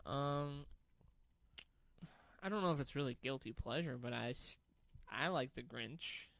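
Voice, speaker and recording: A man co-hosting a casual podcast, talking quickly and animatedly and swearing casually. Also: medium pitch, vocal fry, fairly bright tone, no room sound. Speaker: podcast co-host. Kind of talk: casual chat.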